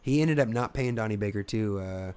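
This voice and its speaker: A young man with a fairly low voice tells a comedy-club story in a loose podcast chat. He swears freely and slips into the voices of the people in his story. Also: brisk, clean tone. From Ohio, US. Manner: animated, swearing, acts out voices in his anecdotes. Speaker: stand-up comedian, guest.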